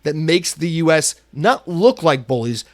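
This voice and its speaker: American guy hosting a solo podcast, ranting mad and swearing a lot, pitch a bit high, dry close sound. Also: very animated, measured pace, no echo. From United States. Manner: angry, profane, ranting. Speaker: podcast host.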